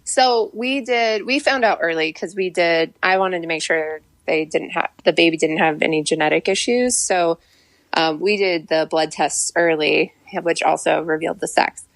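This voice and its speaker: A pregnant young woman co-hosting a podcast, chatting and telling a family story in an animated way. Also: fairly low pitch, moderate pace, vocal fry, no room sound. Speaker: podcast co-host. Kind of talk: casual chat.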